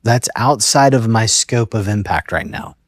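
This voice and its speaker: A man hosting a counseling conversation, speaking gently and reflectively and thinking aloud by rephrasing his points. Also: on the low side, lively intonation, normal speed, no room sound, clean studio sound. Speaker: host, therapist.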